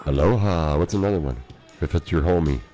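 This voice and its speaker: A man co-hosting a casual podcast who asks short questions and drops quick remarks. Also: low voice, mellow, soft background music. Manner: short quizzing interjections. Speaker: podcast co-host. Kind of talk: casual banter.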